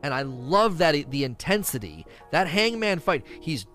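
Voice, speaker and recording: A man's voice: on the high side, measured pace, faint music behind. A man streaming live, reading viewer questions and rambling through his answers in a casual chat. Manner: animated, rambling, reads chat questions aloud.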